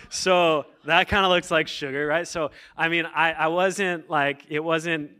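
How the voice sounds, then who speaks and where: A man's voice: fairly high pitch, steady tone, measured pace, few pauses, bright, forceful tone, clear, resonant tone. A man preaching a casual, joking sermon as pastor, full of fillers and restarts. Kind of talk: conversational sermon.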